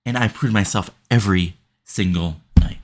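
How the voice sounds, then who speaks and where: A man's voice: on the low side, normal speed, close to an everyday voice. A man voicing an angry veteran male wrestler cutting a defiant backstage promo in a sim-game playthrough.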